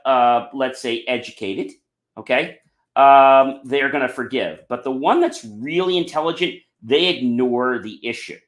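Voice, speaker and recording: A man delivers a motivational podcast talk in an emphatic, audience-addressing manner. His pitch moves in lively swings around a middle level. The room around him adds a noticeable echo. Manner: emphatic, repeats "okay" and "ladies and gentlemen". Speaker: podcast host. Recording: roomy echo.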